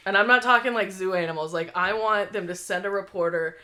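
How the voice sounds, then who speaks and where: A woman's voice: mid-range voice, a little fast, pushed and bright. Giggly woman co-hosting a live stream. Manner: playful, giggly banter. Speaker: co-host. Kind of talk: casual chat.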